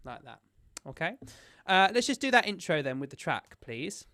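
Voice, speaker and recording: A man's voice: a little high, sing-song, normal speed, pushed and bright, no room sound, studio quality. A man leading a choir sectional rehearsal as music director. He explains the parts step by step and counts in the beats.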